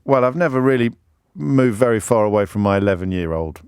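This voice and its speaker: Radio host, English man, wry and self-mocking, lively swinging delivery, dry close studio sound. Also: lowish voice, brisk, clean tone, no room sound. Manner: wry, rambling, self-mocking, searching aloud for words. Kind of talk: talk radio monologue.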